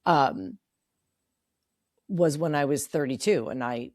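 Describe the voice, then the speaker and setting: A woman's voice: deep voice, takes it slowly, darkish tone, dry recording, studio quality. A woman in her forties, a podcast co-host, telling a story in candid casual chat, swearing freely and acting out what people said. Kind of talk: casual chat among sisters.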